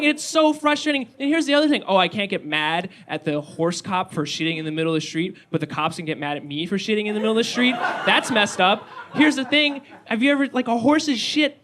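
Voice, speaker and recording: A young man doing a stand-up comedy set, excitable and given to yelling. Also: extremely high pitch. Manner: excitable, rising to yells. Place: small comedy venue with live audience.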